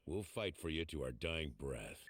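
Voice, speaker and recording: An actor playing a gruff, friendly male mercenary in a game, with easygoing, teasing banter. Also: very deep voice, lively intonation, unhurried, a bit bright, a little hiss or hum, exaggerated voice. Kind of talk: game voice acting.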